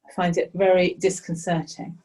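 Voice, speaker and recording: A woman's voice: fairly low pitch, level tone, darkish tone. Outspoken woman on a video call. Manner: outspoken, emphatic, quick asides. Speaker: class participant. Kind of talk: casual chat.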